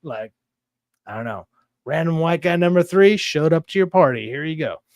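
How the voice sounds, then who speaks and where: A man hosting a casual stream chat, his voice pitched a little high and recorded dry and close. He tells stories in a loose, profane, animated way, full of restarts. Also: normal speed, no echo. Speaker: stream host.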